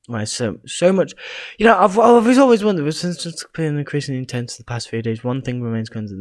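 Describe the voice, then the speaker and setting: A young man from England, rambling through casual vlog commentary and reading haltingly off his screen. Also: fairly high pitch, animated, no echo. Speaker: YouTuber.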